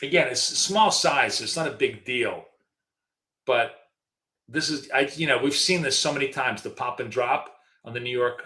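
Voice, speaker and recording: A man's voice: medium pitch, fairly bright tone, reverberant. A middle-aged man co-hosting a live trading stream, talking casually with lots of fillers and restarts. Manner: chatty storyteller, frequent fillers and restarts. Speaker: trading show co-host.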